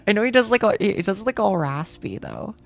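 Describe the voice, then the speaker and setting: A woman's voice: medium pitch, vocal fry. A young woman streaming, chatting casually with viewers, rambling and swearing with frequent laughs.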